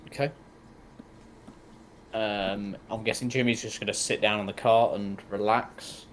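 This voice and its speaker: A man's voice: on the low side, fairly even intonation, measured pace, a bit bright, a little hiss or hum. A man narrating as game master, rambling with lots of ums and likes.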